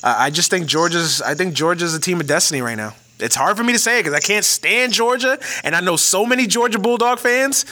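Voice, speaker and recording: A male podcast host talking sports in a loose, profane rant, often stumbling over his words and restarting. His voice is bright and forceful, sitting fairly high for a man. His pitch swings widely as he gets worked up. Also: animated, fairly quick, few pauses. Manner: profane, ranting, many restarts. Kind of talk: casual sports chat.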